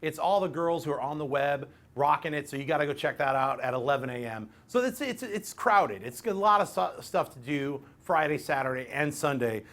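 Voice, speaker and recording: Man, fairly high voice, casual jokey co-host, live-stream chat. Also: expressive, fairly quick, hardly any pauses, a bit bright. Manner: loose, jokey, hands the talk to guests. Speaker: show co-host.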